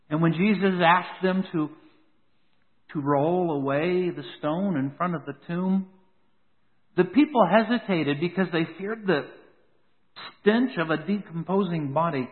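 A man with a high voice preaches with dramatic swells and sudden drops. His voice rings with long reverb, as if heard over a thin, phone-like line from a large hall. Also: unhurried. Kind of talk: sermon.

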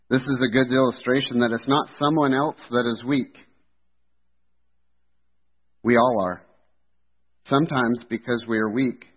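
A man preaching a sermon in an earnest, steady delivery. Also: medium pitch. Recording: tinny phone-like sound.

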